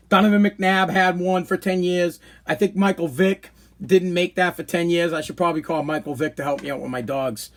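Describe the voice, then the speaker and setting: A man talks in a fairly high voice for a man. He rants casually and opinionatedly, joking and blunt, like a host chatting on his own podcast stream. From Boston, New England. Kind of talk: casual live-stream rant.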